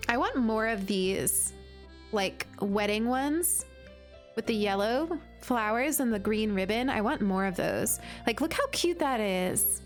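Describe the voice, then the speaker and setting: A woman's voice: on the high side, expressive, measured pace, faint music behind. A woman streamer chatting casually and gushing while she plays, with lots of "like" fillers. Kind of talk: casual live-stream chat while playing.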